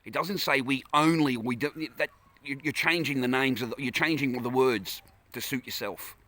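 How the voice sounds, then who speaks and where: A man's voice: medium pitch, normal speed, bright, forceful tone. An Australian man ranting angrily in a vlog from his car, profane and repetitive. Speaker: vlogger. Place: in a parked car.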